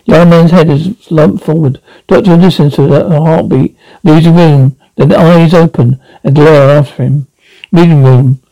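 A man reading a script aloud with its stage directions in a plain, measured way. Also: fairly high pitch, vocal fry, mellow, no room sound, rough recording. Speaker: reader.

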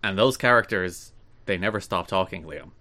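A man's voice: deep voice, moderate pace, bright, forceful tone. Dry teasing male podcast host. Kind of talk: casual chat.

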